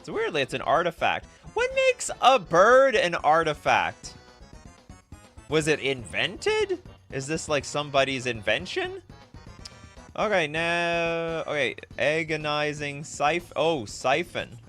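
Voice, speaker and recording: Animated, bright-voiced male streamer. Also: fairly high pitch, slow pace, soft background music. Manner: animated, self-mocking, laughs often. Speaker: streamer reading viewer requests. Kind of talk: casual live-stream chat.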